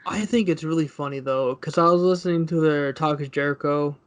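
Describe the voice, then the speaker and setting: Higher-voiced man co-hosting a casual podcast. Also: a little fast, slight background noise. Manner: rambling, recounts others in quotes. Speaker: podcast co-host. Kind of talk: casual wrestling chat.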